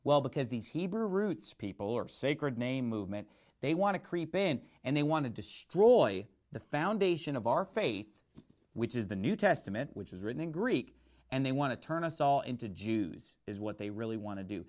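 Lively, emphatic man preaching a sermon. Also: mid-range voice, normal speed. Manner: emphatic preaching with rhetorical questions. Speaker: pastor.

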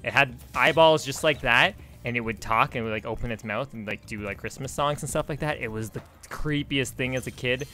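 A man giving casual, rambling commentary while playing a video game, chatty and quick to laugh. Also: medium pitch, pushed and bright. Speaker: let's play host.

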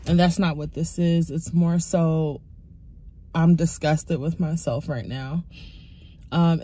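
A woman in her twenties, tearful from crying, talking haltingly and candidly into her phone in a confessional vlog. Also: fairly low pitch, mellow. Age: 20s. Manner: halting, raw and candid, many pauses. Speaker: YouTuber.

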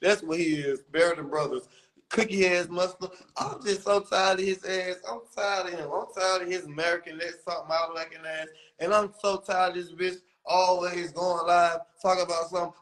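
Young man, high-pitched, profane comedic rant with over-the-top mocking bits. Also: normal speed, a bit bright, low-quality recording. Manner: profane, exaggerated ranting, mocking falsetto impressions.

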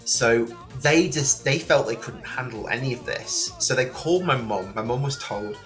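A man from near Liverpool in England, a guest telling his story in a relaxed interview, lively and full of restarts. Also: medium pitch, moderate pace, soft background music. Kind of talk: casual interview chat. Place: remote call from another country than the host.

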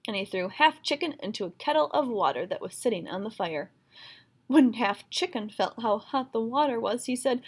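A woman reading a folktale aloud with expressive, rhythmic storytelling. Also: a little high, normal speed, slightly rough.

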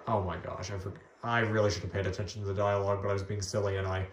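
A man's voice: lowish voice, flat delivery, rapid-fire, echoey room, a little hiss or hum. A man giving casual gameplay commentary, giggling and making fun of his own skills. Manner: giggly, self-deprecating chatter. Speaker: let's play host.

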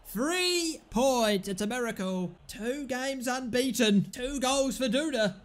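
A young man commentating his own football video game play, excitable, shouting at big moments and muttering in between. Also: very high-pitched, takes it slowly, hardly any pauses. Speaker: gaming commentator. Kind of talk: live let's-play commentary.

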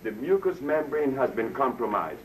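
A man with a medium-pitched, very animated voice talks at a moderate pace, giving an informal health talk to a live audience. He tells stories, laughs at his own jokes, and acts out the voices of the people he quotes. A distant mic picks him up with faint noise.

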